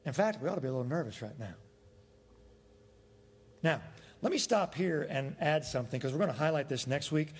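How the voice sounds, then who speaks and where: A man's voice: a little high, lively intonation, brisk, pauses often, slightly rough, in a large hall. A man preaching a sermon as pastor, emphatic, asking the congregation rhetorical questions. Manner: emphatic, rhetorical questions, acts out quoted voices. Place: church sanctuary.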